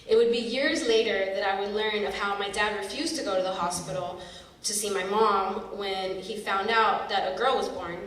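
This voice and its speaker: A woman in her thirties from San Francisco telling a personal story on a theater stage, expressive and dramatic. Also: medium pitch, moderate pace. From San Francisco, USA. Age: 30s. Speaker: storyteller performer. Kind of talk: spoken-word personal storytelling. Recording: echoey hall from far off, faint noise.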